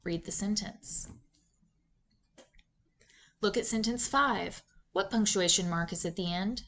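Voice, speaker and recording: A woman narrating a reading lesson in a clear, measured teacher's voice, posing questions to students. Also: mid-range voice, fairly bright tone. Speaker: reading instructor. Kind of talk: scripted instructional narration.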